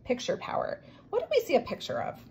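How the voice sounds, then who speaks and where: A woman teacher giving a remote reading lesson to young children, encouraging them and slowly sounding out words. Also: a little mellow.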